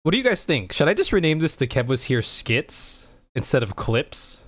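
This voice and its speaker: A man's voice: a little high, sing-song, moderate pace, a bit bright, no room sound, studio quality. A man hosting his own channel, casually talking through plans and thinking aloud to his viewers. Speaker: streamer and channel host.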